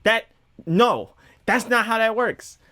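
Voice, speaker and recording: A man's voice: high voice, slow pace, sharp tone, a little hiss or hum. A man giving casual movie reaction commentary, incredulous and rambling with exasperated asides. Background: movie audio playing.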